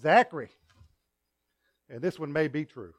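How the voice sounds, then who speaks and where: A male pastor preaching a sermon in a conversational, storytelling way, with asides to the congregation and swings between loud emphasis and quiet remarks. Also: on the high side, animated, measured pace, a little hiss or hum.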